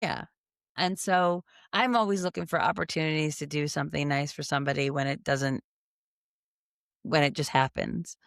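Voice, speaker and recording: A woman's voice: low voice, fairly even intonation, moderate pace, creaky, no room sound, clean studio sound. A middle-aged woman co-hosting a podcast, telling a story in casual chat and acting out both sides of the conversation. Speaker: podcast co-host.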